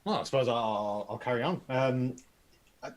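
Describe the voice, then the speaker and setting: A young man playing a tabletop game, calmly reading out spell rules in a measured way. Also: medium pitch, rough recording. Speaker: player. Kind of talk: casual tabletop game play.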